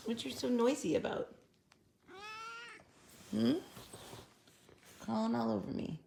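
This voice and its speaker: A woman's voice: fairly high pitch, takes it slowly, gravelly, long pauses, mellow, slight background noise. A woman hosting a casual crafting vlog, chatty and upbeat, calling her crafts cute. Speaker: craft channel host.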